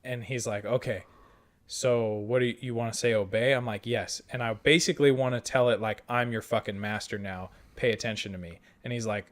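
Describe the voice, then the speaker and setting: Young man, profane animated storytelling. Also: medium pitch, brisk. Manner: profane, animated retelling with quoted dialogue. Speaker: podcast host. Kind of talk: casual storytelling about a tabletop game.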